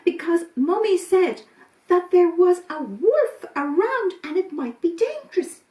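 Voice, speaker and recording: A woman storyteller voicing timid little goat kids in a hushed, anxious, breathy way. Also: very high voice, expressive, a little slow, pitched above the performer's own voice. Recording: roomy, from a distance.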